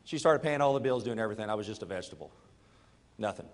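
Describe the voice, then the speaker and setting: A middle-aged man giving a motivational talk to a live audience, telling a personal story and moving between quiet confession and loud urging. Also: on the low side, lively intonation, rapid-fire, in a large hall. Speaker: network marketing speaker.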